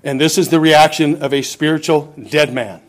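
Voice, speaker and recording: A man's voice: on the high side, steady tone, normal speed. A man preaching a sermon to his congregation, emphatic and dramatic as he quotes scripture. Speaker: pastor.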